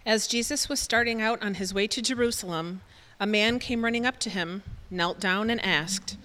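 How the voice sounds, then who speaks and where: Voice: mid-range voice, normal speed, pushed and bright. Scripture reader echoing in a hall. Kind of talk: reading scripture aloud. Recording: echoey hall from a distance.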